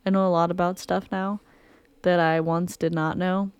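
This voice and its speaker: A woman's voice: fairly low pitch, flat delivery, moderate pace, a little mellow, clear, resonant tone, dry recording. A young woman co-hosting a podcast, telling a story in casual chat and acting out what people said. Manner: chatty storyteller, acts out quotes. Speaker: podcast co-host.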